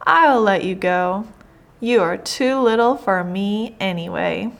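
A woman's voice: medium pitch, slow pace, creaky. A woman voicing a big, proud male lion who scoffs, in a read-aloud storybook. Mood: scoffing.

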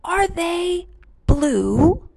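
A woman voicing a gentle old grandfather duck who talks in a soft whisper. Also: very high voice, big pitch swings, very slow, gravelly, voice pushed up, exaggerated voice.

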